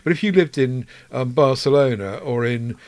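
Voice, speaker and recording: A man's voice: medium pitch, a little mellow. A man from North Wales co-hosting a podcast, chatting easily with frequent restarts as he reads listener messages. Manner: easygoing, halting restarts. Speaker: podcast co-host. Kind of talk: casual chat reading listener mail.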